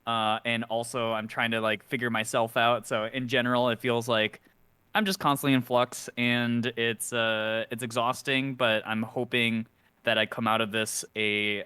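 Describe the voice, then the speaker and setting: A man's voice: mid-range voice, level tone, moderate pace, sharp tone, clear, resonant tone, no echo. A man sharing his week in a group session over a video call, chatty and laughing between phrases. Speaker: group member. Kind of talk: casual check-in.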